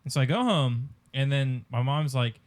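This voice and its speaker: A young man hosting a podcast, telling a childhood story in casual chat with lots of ums and pauses. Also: mid-range voice. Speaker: podcast host.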